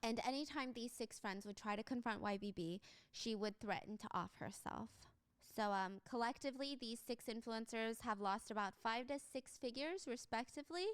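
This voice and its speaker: A woman's voice: fairly high pitch, normal speed, clear, resonant tone, no room sound. A woman streamer on a live broadcast who tells a story with animation and reads out quotes along the way. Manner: animated retelling, reading out quotes.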